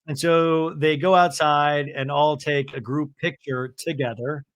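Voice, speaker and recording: A man's voice: a little high, steady tone, a little slow, fairly bright tone, no room sound. A man hosting a podcast, recapping a reality show in a chatty, wry way on a close mic. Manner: chatty, wry, drops into playful voices. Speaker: podcast host. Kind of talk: casual recap commentary.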